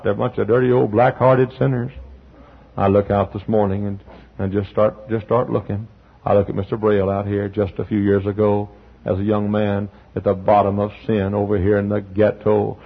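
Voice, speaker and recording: Male pastor, gravelly, impassioned sermon delivery, muffled lo-fi church recording. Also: on the low side. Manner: impassioned preaching, swings from soft to loud, sings hymn lines. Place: church sanctuary.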